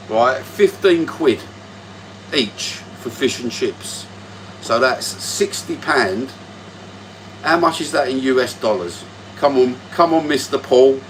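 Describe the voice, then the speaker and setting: A man's voice: medium pitch, slight background noise. A man, hosting a casual livestream from home with crude, sweary banter into his phone. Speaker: livestream host.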